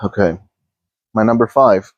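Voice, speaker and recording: A man talking slowly and softly as a spiritual teacher, guiding listeners through a meditation with sighs and repeated phrases. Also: fairly low pitch, dry recording, dull audio. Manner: slow, hushed and drifting, with sighs and repeated phrases. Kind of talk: guided meditation talk.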